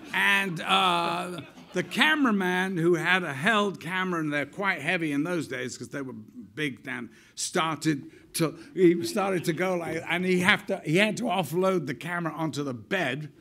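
A man's voice: high-pitched, unhurried, gravelly, a little hiss or hum. An older man, telling irreverent anecdotes in an on-stage interview and acting out the quotes. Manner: lively, irreverent storyteller, acts out quotes. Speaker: actor telling stories.

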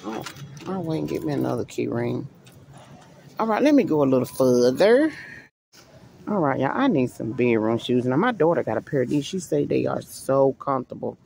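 Gravelly, lively middle-aged woman vlogging. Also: rumbling low, moderate pace, slight background noise, low-quality recording. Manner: chatty, thinking aloud while browsing store shelves. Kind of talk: casual shopping vlog talk to viewers. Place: inside a large store. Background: store ambience.

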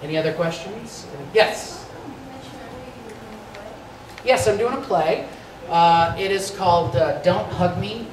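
A man's voice: high-pitched, takes it slowly, pauses often. A man guesting on a fan convention panel, rambling casually through audience questions and chuckling often. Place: large convention panel room. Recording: echoey hall from far off, crowd noise. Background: audience crowd.

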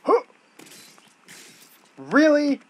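Excitable man yelling over gameplay. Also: very high voice, extremely slow, rough recording. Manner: excitable, yelling at the game, then muttering. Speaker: gaming YouTuber. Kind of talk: gameplay commentary.

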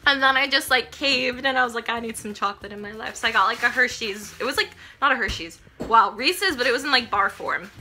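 A young woman with a slightly high voice vlogs casually into a handheld camera. She is bubbly and chatty, giggling and using lots of fillers. Music plays clearly in the background. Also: fairly quick, few pauses, pushed and bright. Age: young adult. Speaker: vlogger. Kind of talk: casual vlog chat. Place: friend's apartment at dinner, later outdoors at night.

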